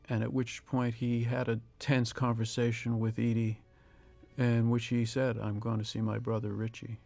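An older man talks through a film in a calm director's commentary, measured and reflective, pausing to pick his words. His voice stays low and level, with hardly any rise or fall, and a gravelly edge runs through it. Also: no echo. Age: 60s. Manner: reflective, measured, with pauses and restarts. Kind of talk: audio commentary.

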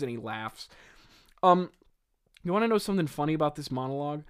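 Guy roasting his own old play, laughing, fairly high voice. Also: a little fast, pauses often, smooth. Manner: mocking, laughing asides, lively pitch swings. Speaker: host. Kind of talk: comedic retelling of an old script.

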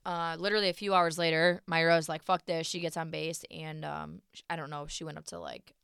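A woman on a podcast tells a story in casual, animated chat, swearing freely as she goes. Her voice sits fairly low and sounds smooth and resonant. The sound is dry and close, with no room echo. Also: a little fast. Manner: profane, animated retelling. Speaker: podcast co-host.

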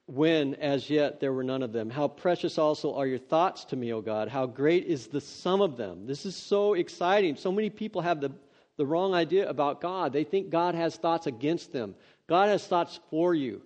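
A man preaching, reading scripture aloud and breaking off into earnest, excitable, conversational asides. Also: on the high side, normal speed. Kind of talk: devotional scripture reading with commentary. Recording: dull lo-fi sound.

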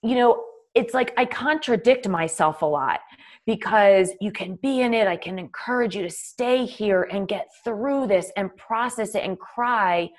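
A woman's voice: medium pitch, unhurried. A woman who teaches yoga, talking in a casual, conversational way, full of fillers and acted-out bits of dialogue. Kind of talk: casual spoken talk.

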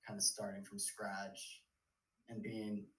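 A man's voice: fairly low pitch, monotone, slow, a bit bright. A man from Germany, raised in the U.S., chatting casually as a guest in a laid-back, slangy way over a remote call. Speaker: podcast guest. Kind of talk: casual chat. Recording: roomy, distant mic.

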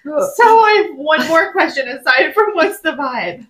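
A woman's voice: high-pitched, expressive, measured pace, fairly bright tone. A woman co-hosting a casual podcast, teasing and laughing often. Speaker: podcast co-host. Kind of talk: casual chat. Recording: echoey room.

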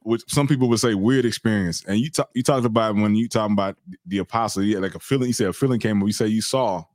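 A man's voice: on the low side, fast talker, no echo, studio quality. Earnest man telling a story. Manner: animated, earnest storytelling with slang. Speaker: podcast host. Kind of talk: casual storytelling chat.

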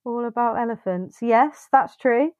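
British woman, podcast co-host, playful, giggly, fairly high voice, dry close mic. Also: unhurried, darkish tone, dry recording, muffled recording. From United Kingdom. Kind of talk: casual podcast chat.

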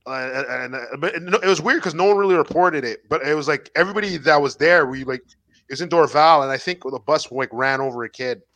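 A man telling animated, profanity-filled stories in casual chat. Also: a little high, fairly quick, no room sound. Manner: animated storyteller, swears a lot.

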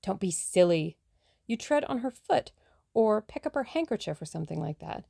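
A woman voicing a plucky, scheming young woman adventurer in a brisk, self-assured way. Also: mid-range voice, sing-song, gravelly, warm tone, husky, no echo, clean studio sound, heavily acted.

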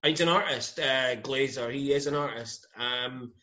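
A man co-hosting a film podcast, talking in a relaxed, rambling way. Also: mid-range voice, a little slow. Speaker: podcast co-host. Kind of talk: casual podcast chat. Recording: dull lo-fi sound.

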